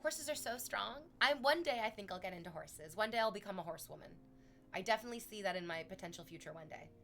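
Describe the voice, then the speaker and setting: Speaking fast over slight background noise, a Canadian woman chats casually with her stream viewers. She's animated and laughs a lot, breaking into high, excited shrieks whenever she quotes something.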